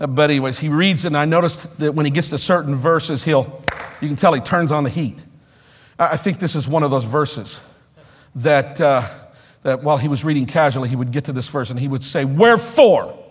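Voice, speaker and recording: A middle-aged male pastor preaching a sermon in a church, rising from quiet talk to shouted exhortation with call-and-response. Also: a little high, long reverb tail. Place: church sanctuary.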